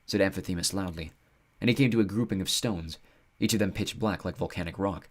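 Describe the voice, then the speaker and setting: A man narrating an audiobook with an expressive storytelling delivery. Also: deep voice, fast talker.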